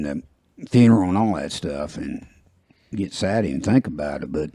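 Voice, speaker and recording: A man's voice: low-pitched, darkish tone, no room sound, clean studio sound. A man, hosting a podcast in a loose, rambling, jokey way and laughing at his own jokes. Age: 50s. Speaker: podcast host. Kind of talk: casual chat.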